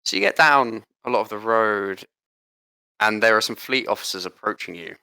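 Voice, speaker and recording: A man narrating as game master of a tabletop game in a relaxed, rambling way. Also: on the low side, normal speed, creaky, smooth, dry recording, low-quality recording.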